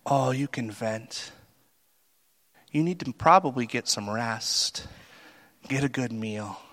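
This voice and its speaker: A man preaching a sermon in a conversational, animated way, acting out the people he talks about. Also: mid-range voice, takes it slowly. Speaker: pastor.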